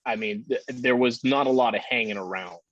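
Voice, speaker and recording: A man telling his story candidly in a casual interview, with halting fillers and the odd curse. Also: mid-range voice, fairly bright tone, no echo. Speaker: podcast guest. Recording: dull lo-fi sound.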